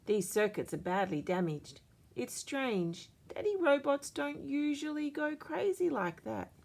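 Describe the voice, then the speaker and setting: Patient mum dog with an Australian accent, read by a woman, gentle, lively tone, storybook. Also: high voice, a little slow, creaky, pitched above the performer's own voice, heavily acted. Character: calm patient mother dog.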